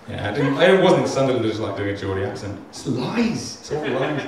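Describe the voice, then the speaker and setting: A man's voice: mid-range voice, very animated, a little fast, few pauses, background noise. A man doing a stand-up comedy set, rambling, self-deprecating and sweary. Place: comedy club stage. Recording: echoey club, recorded from far off.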